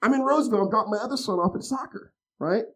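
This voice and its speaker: A middle-aged man casually telling a story, animated, acting out quotes and often tagging "right?". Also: high-pitched, rapid-fire, slightly rough. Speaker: podcast guest telling a story.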